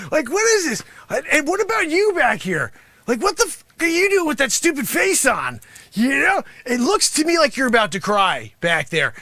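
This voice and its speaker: A man playing a brash, greedy karate sensei who shouts, hard-sells and scolds his class in an improvised comedy bit. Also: very high voice, creaky, dry recording, exaggerated voice. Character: brash loud-mouthed male karate sensei, greedy and bossy. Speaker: host. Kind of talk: improvised comic character monologue.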